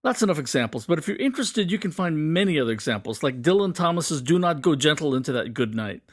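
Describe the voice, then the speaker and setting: A man with a fairly high voice gives a poetry lesson, and his pitch swings widely as he explains. He slows down to read quoted lines with drama. The recording is dry and close. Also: no room sound. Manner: lively, reads quoted lines slowly and dramatically. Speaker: poetry teacher. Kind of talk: explanatory lesson with poem readings.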